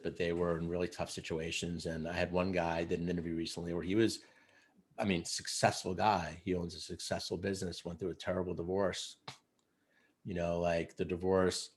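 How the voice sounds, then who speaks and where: A man coaching other men, telling stories in a casual interview, earnest and animated, with many fillers like "you know" and "like". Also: low voice. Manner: earnest, animated storyteller who acts out quotes. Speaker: guest, men's coach.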